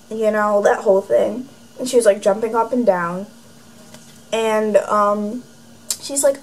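A woman's voice: on the high side, moderate pace, darkish tone, low-quality recording. A teenage girl vlogging to camera from a room at home, rambling and sarcastic, with plenty of "like" in her speech. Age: teens. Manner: rambling and sarcastic, heavy use of "like". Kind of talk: casual chatty vlog. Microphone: camera facing her.

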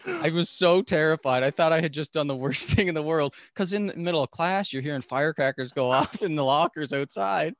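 A man's voice: a little high, brisk, dry recording. A man telling a story as a podcast guest, talking animatedly and laughing often. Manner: animated, laughs often, acts out quoted voices. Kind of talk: storytelling in a casual interview.

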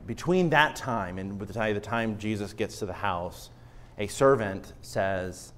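A man preaching a sermon as pastor, earnest, rising louder on emotional points and dropping soft for scripture, often restarting and repeating words. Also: on the low side, measured pace.

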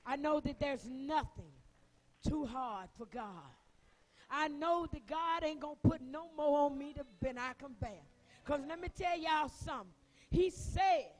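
A woman minister with a Southern US accent preaching a testimony sermon, fervent and crying, swinging from soft words to shouts. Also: high-pitched, measured pace, rough recording.

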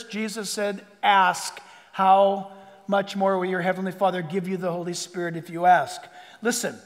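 Pastor, male, high voice, animated sermon delivery with bursts of shouting, long hall reverb. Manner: animated, energetic, sometimes shouting. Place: large church auditorium.

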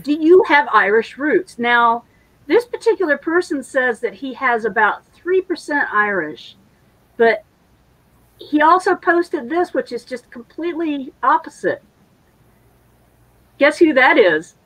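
Woman, co-host, casual chat, jokey, higher voice, dry recording. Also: very animated, measured pace, a bit bright, no echo, poor audio. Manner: jokey, chatty, storytelling.

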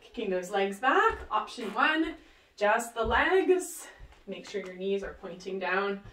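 A woman's voice: mid-range voice, animated, slow pace, a bit bright. A woman leading a workout, upbeat and cheering with whoops and countdowns while she exercises along. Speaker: fitness instructor. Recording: roomy, voice distant from the mic.

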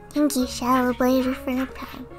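Chatty female game streamer. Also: a little high. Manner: chatty, thanks viewers, reads game text aloud. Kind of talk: casual gameplay commentary.

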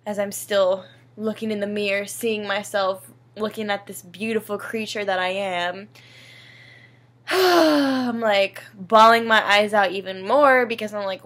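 A woman's voice: mid-range voice, measured pace, a bit bright. A young woman vlogging in a casual, rambling, emotional way, swearing freely. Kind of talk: casual personal vlog.

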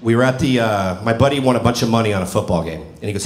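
A man in his forties performs a stand-up set, spinning self-deprecating stories and acting out both sides of each exchange in his ordinary mid-range voice. He is recorded live in a roomy venue with a clearly audible crowd behind him. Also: mid-range voice, racing, few pauses, slight background noise. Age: 40s. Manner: storytelling, self-mocking, acts out dialogue. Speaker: stand-up comedian. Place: comedy club stage before a live audience.

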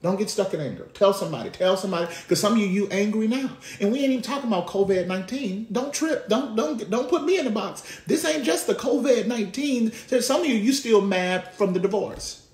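Preaching man with a lively, echoey delivery. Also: high-pitched, fairly quick, few pauses. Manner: call-and-response preaching, swings from hushed to shouting; conversational, with slang. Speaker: pastor. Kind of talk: sermon.

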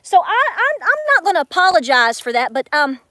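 A woman's voice: extremely high pitch, sing-song, brisk, bright, forceful tone, no room sound, studio quality. A woman telling a story to her viewers in a chatty way, acting out quotes with big swings in her voice. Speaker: homestead vlogger.

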